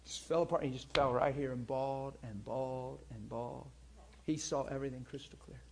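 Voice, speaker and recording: A man preaching a sermon, telling healing stories in a lively, teasing way and laughing often, moving from quiet asides to loud peaks. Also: medium pitch, a little fast, gravelly, breathy edge. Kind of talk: sermon storytelling about healings.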